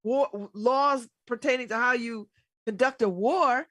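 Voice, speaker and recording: A woman's voice: a little high, measured pace, fairly bright tone, no room sound. A middle-aged woman hosting a casual political talk show, blunt and emphatic, laughing often. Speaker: radio host.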